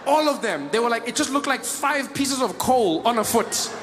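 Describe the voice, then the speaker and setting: A man from Africa, doing stand-up with animated storytelling. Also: very high voice, normal speed, in a large hall, music in the background. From South Africa. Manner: animated storytelling, laughing asides. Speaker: stand-up comedian. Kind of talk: stand-up comedy.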